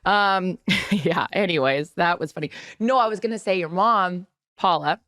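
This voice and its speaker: A woman co-hosting a casual chat podcast, telling animated stories and acting out the quotes. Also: lowish voice, moderate pace, no echo, clean studio sound. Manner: animated storyteller, acts out quotes. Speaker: podcast co-host.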